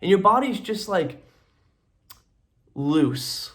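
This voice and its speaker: A man's voice: fairly high pitch, moderate pace. A man hosting a comedy show, delivering a sarcastic, rambling monologue and acting out both sides of imagined conversations. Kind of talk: comic monologue to camera.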